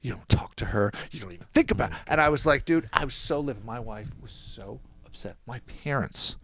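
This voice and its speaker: A young man from New Jersey, a guest on a podcast, casually tells a long story in a mid-range voice at a slightly fast clip. He's animated throughout and acts out the people he quotes.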